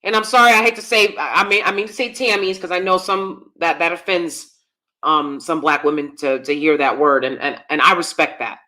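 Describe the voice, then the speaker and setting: Blunt, bright-voiced woman streamer. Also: lowish voice, fairly quick. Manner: blunt, emphatic, repeats herself. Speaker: commentary channel host. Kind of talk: live-stream commentary.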